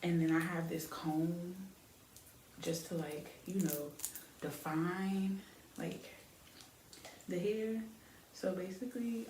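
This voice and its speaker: A woman's voice: lowish voice, warm tone. A young woman, chatting casually and rambling with lots of fillers as she does her hair on camera for her vlog. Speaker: beauty vlogger. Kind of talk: casual chat while styling hair. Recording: echoey room, faint background hiss.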